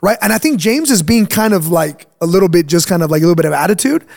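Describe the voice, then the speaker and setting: A man's voice: high-pitched, animated, quick pace, vocal fry, a little mellow. A man hosting a faith podcast as pastor, talking in an emphatic, preachy way and checking in with "right?" as he explains. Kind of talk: casual chat.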